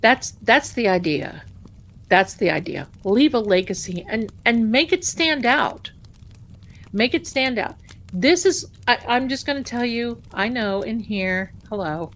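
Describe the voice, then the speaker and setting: A woman's voice: on the high side, expressive, measured pace, a bit bright. An American woman hosting a casual livestream, chatty, repeating herself and sometimes dropping to a whisper. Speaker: livestream host.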